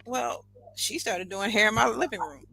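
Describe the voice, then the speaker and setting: Gravelly, bright-toned woman storyteller. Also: fairly high pitch, normal speed, low-quality recording. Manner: animated, emphatic, laughs often. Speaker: guest. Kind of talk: casual podcast storytelling.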